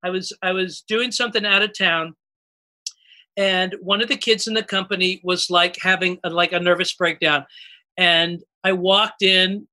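A man's voice: sits high, normal speed. A man, a voice actor, telling stories in casual chat and acting out the voices. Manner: animated, acts out quotes. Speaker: voice actor and stage performer.

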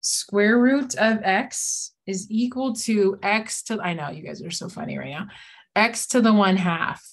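A woman's voice: mid-range voice, unhurried. A woman math teacher leading a live classroom lesson, playful and teasing, often acting out her students' reactions.

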